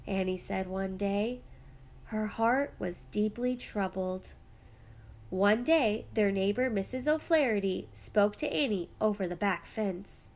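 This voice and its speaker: A woman reading a children's picture book aloud with gentle, expressive storytelling. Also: mid-range voice, measured pace.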